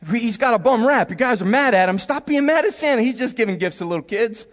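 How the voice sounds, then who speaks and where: Pastor, male, high voice. Animated, acts out bits in character voices, laughs easily. Long church-hall reverb. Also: fast. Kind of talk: sermon.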